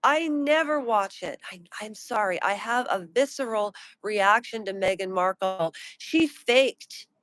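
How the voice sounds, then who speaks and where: Indignant woman ranting, slow and dry. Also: medium pitch, lively intonation, a bit bright, no room sound. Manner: indignant, mocking, slows down to stress points. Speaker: pop culture commentator. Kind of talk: opinionated live-stream rant.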